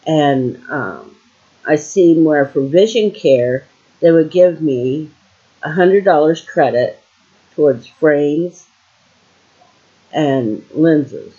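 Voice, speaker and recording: An older woman from Ohio muses aloud at home in a slow, unhurried drawl, wandering from thought to thought with plenty of fillers. The recording sounds dull and lo-fi. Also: sits low, warm tone. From Ohio, USA. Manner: meandering, with many fillers and trailing thoughts. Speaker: vlogger. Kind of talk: casual rambling monologue.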